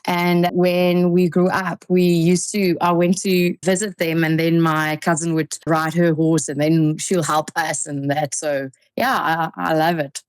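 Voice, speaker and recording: This young woman's voice is deep and level, unhurried yet with few pauses, and there's no echo. A South African singer with a South African accent, she's a guest on a radio interview in the studio, giggling often and using many fillers and restarts.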